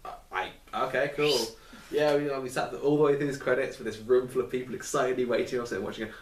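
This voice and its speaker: A man's voice: mid-range voice, flat delivery, fast talker. Man reviewing a film in loose chat, roomy sound, mic set back from him. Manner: rambling, swears casually, acts out quotes. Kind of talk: casual chat. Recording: echoey room, mic at a distance, faint noise.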